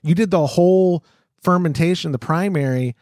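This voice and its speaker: A man hosting a casual homebrewing podcast, talking in an animated way with frequent restarts and easy laughs. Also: a little high, moderate pace, no room sound, studio quality. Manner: animated, restarts sentences often, laughs easily. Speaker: podcast host.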